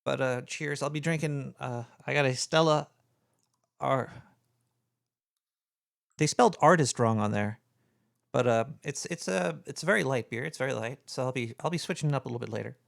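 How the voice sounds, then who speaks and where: A man's voice: medium pitch, normal speed, creaky, pauses often, no echo, studio quality. A man hosting a casual late-night radio show, rambling and stumbling easygoing through his greetings.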